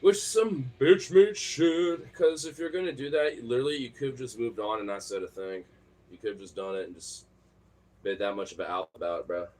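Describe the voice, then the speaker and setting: A man chatting casually and baby-talking to his cat, jumping into a high squeaky pet voice. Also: fairly even intonation, normal speed, darkish tone.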